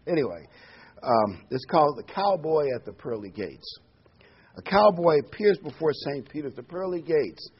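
A man's voice: medium pitch, husky. A man preaching a sermon, earnest and emphatic, repeating key words with occasional ums. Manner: earnest, emphatic repetition with fillers. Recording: dull lo-fi recording.

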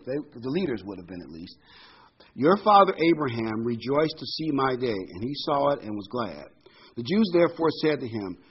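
Husky man in his sixties teaching scripture. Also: medium pitch. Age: 60s. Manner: conversational, folksy, with many ums and asides. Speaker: Bible teacher. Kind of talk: informal Bible teaching. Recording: dull lo-fi recording.

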